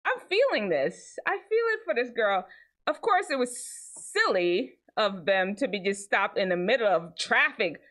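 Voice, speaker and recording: A woman hosts a casual show and reacts to viral clips. She talks straight to her viewers in a chatty way. Her pitch swings widely and stays lively. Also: normal speed.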